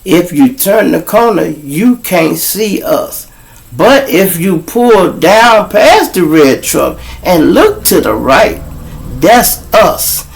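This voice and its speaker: A middle-aged man, gravelly and fairly high-voiced, telling street stories to a live audience. He talks slowly and bluntly, cursing and mocking, and he is recorded outdoors. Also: very animated. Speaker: show host and storyteller.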